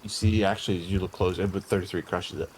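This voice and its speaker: Deep-voiced man narrating as game master. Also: steady tone, slight background noise. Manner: descriptive, halting with fillers.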